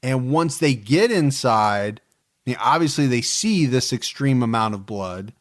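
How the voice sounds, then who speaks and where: A man in his forties co-hosting a true-crime podcast, telling the case in a relaxed, joking way with plenty of fillers. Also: mid-range voice, unhurried. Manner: storytelling, joking, many fillers. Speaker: podcast co-host.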